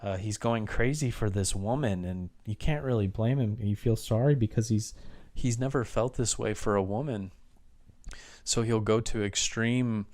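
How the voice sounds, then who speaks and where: Male film reviewer, low smooth voice, loose rambling plot recap. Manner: rambling plot recap with frequent restarts and fillers. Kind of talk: casual spoken movie review.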